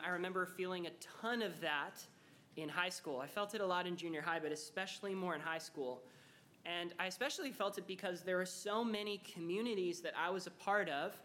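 A man's voice: high voice, a bit bright. A young adult man giving a casual motivational talk to students, chatty and full of fillers, acting out the dialogue in his stories. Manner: acts out quoted dialogue in storytelling. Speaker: speaker addressing students.

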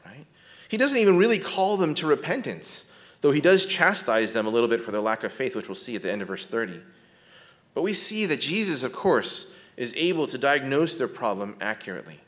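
A man teaching biblical counseling in a conversational lecture, often checking in with his listeners and speaking gently when he talks about compassion. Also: medium pitch. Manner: often checks in with a tag question "right?"; drops to a soft, gentle tone when describing compassion.

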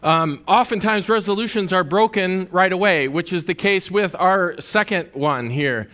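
A pastor delivers his sermon in a high-pitched male voice. He talks to the congregation in a relaxed, conversational way, often pausing on fillers.

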